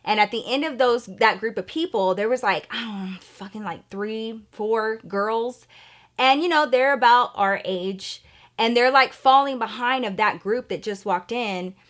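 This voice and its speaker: A woman's voice: on the high side, a little slow, a bit bright. A young woman vlogger telling a dramatic story in a sassy, profane, casual way. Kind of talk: storytime vlog.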